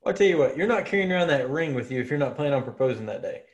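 Man, casual sports podcast chat, mid-pitched voice, relaxed and easygoing, builds long examples. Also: rapid-fire. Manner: laid-back, argues with long examples. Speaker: podcast co-host.

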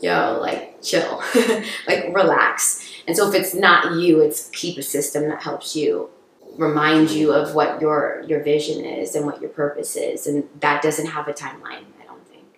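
An earnest young woman talks in a slightly low voice, encouraging and thoughtful. She sounds like a guest on a podcast. The room around her rings with heavy echo. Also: level tone, moderate pace, slight background noise. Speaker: guest, actress. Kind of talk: reflective podcast conversation. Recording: echoey room.

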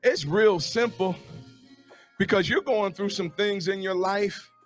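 Fervent preacher man, high voice. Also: unhurried, soft background music. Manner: fervent, rising to shouted exclamations with call-and-response. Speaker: pastor. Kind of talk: sermon. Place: outdoors, parking lot service.

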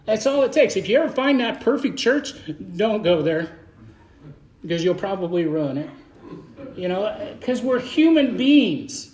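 A Baptist pastor preaches to his congregation in a church sanctuary, his fervent, folksy delivery often repeating words. His voice is high-pitched and sing-song with a darkish tone, and he speaks a little slowly. The echoey room of the church carries through the recording.

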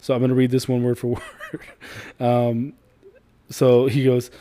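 A man's voice: medium pitch, monotone, a little slow, mellow, no room sound. A man in his thirties co-hosting a casual chat, blunt and laid-back, swearing freely as he tells family stories. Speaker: podcast co-host.

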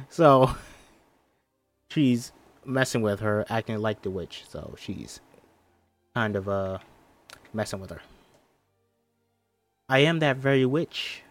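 A man reading a film script aloud for viewers, narrating stage directions and chatting casually with a lot of swearing. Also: lowish voice. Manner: profane, laughing often.

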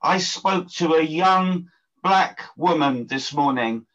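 A man's voice: a little high, slow, fairly bright tone. An older man giving an upbeat self-introduction in punchy short statements on a video call. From England. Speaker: networking group organizer. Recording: dull lo-fi video call audio.

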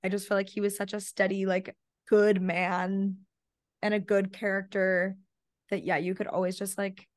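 A woman's voice: mid-range voice, level tone, normal speed, no room sound. Gushing young woman, dry close sound. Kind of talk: casual book-podcast chat.

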